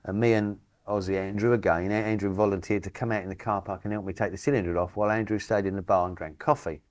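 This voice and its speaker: Low-voiced man recounting engine trouble. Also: steady tone, fast talker, dry recording. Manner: plain matter-of-fact recounting. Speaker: rally participant. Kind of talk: interview conversation.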